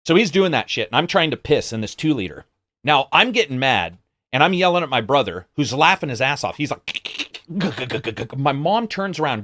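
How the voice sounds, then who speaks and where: A man's voice: medium pitch, fairly bright tone, no echo, studio quality. Man, brash profane storyteller. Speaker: podcast co-host. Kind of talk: casual chat.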